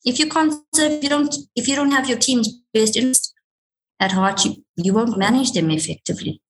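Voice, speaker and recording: A woman guest giving workplace advice in a conversational interview, measured and sometimes repeating words as she gathers her thoughts. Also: a little high. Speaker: workplace and career consultant guest.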